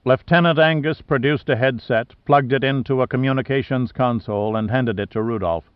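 A man's voice: mid-range voice, a little fast, hardly any pauses, no room sound. Man reading an adventure novel aloud. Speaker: audiobook narrator. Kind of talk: scripted narration. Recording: dull dry studio audio.

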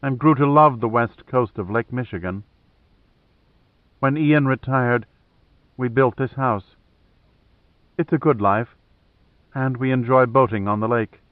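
A man voicing a gentle, older woman who is a grandmother, speaking wistfully. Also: medium pitch, a little slow, pauses often, no room sound, close to an everyday voice. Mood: content. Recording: thin phone-like dry audio.

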